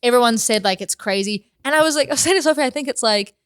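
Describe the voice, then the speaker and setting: A high-pitched woman chatting as a podcast guest. She rambles in an animated way, keeps restarting her sentences and breaks into laughter often. Her voice sits well above the usual range for a woman. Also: racing, clear, resonant tone, dry recording, clean studio sound. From New Zealand. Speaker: guest comedian. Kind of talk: casual podcast chat.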